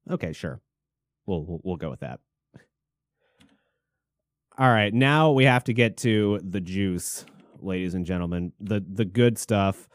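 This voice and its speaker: A low-voiced man hosts a podcast and riffs on the day's news. He jokes, swears freely and trails off into mumbles between louder bursts. The sound is dry and close, with no room around it. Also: measured pace, no room sound. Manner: jokey, irreverent, swears freely. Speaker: podcast host. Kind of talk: casual news commentary.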